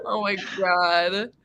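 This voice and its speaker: Bright, giggly young woman chatting. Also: medium pitch, a little hiss or hum. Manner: giggly, rambling storyteller with many fillers. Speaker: streamer hosting a reading sprint. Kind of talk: casual chat with friends.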